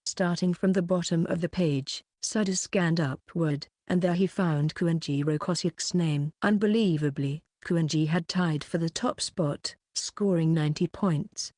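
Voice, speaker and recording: A woman narrating an audiobook in a plain, steady manner on a close mic. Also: on the low side, a little slow, few pauses, no room sound. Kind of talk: scripted narration.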